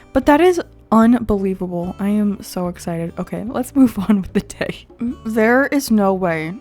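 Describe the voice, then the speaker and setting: A young woman giving casual commentary while playing a video game, excitable and quick to gasp and laugh. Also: medium pitch. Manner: excitable, gasps and laughs often. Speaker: gaming video creator.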